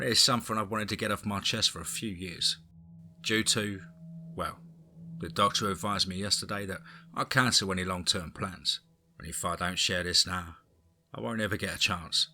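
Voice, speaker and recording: A man voicing an older, unrepentant retired London crime lord with a Cockney accent, narrating a horror story in first person with gruff street slang. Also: sits low, sharp tone, full character voice.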